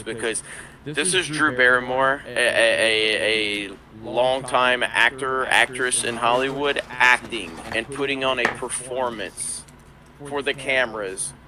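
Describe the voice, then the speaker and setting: A man's voice: mid-range voice, unhurried, crowd noise, low-quality recording. A man co-hosting a commentary show, talking in dry sarcasm. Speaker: podcast co-host.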